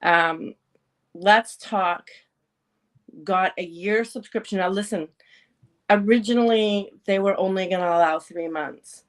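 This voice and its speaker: A woman's voice: mid-range voice, unhurried. Playful woman podcast host, teasing. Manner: playful, teasing, laughs often. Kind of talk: casual chat.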